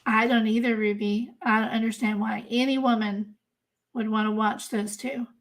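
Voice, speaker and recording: With a fairly high, steady voice at normal speed, a woman hosting a crime-case channel chats casually with her livestream viewers. She sounds exasperated and emphatic and repeats herself for effect.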